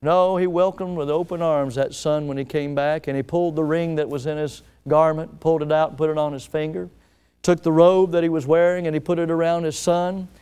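A man preaching an evening sermon in a smooth, resonant voice that sits a little high for a man. His delivery is dramatic: he builds to loud, ringing peaks and then falls back to a hushed, slow emphasis on key words. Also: flat delivery. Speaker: pastor.

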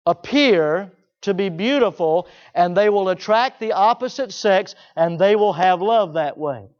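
A man preaching a sermon, emphatic, repeating key phrases and swinging between loud declarations and hushed asides. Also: sits high. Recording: dull lo-fi recording.

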